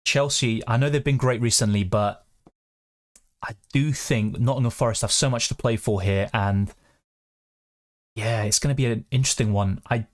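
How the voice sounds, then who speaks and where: A young man hosting a live question-and-answer stream, chatting quickly and reading out viewer comments. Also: mid-range voice. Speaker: fantasy football streamer.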